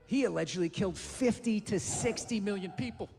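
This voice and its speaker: Nitpicking egghead, as a comedian puts him on, preachy, roomy sound. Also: male voice, sits high, a little fast, gravelly, darkish tone, soft background music, pitched below the performer's own voice. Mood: pedantic. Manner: lecturing, nitpicking. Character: pedantic male history buff, nerdy.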